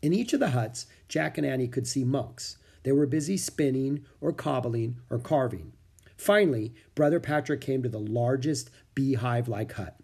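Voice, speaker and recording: Husky, expressive male storyteller. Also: medium pitch, moderate pace. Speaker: narrator. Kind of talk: children's book reading.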